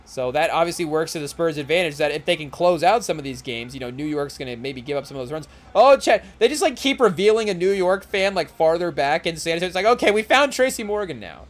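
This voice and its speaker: A man's voice: fairly high pitch, animated. A young man hosting a podcast, chatting loosely about a basketball game as he watches, full of fillers and restarts. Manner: rambling, filler-heavy, tries quick celebrity impressions. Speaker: podcast host. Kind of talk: casual live game commentary.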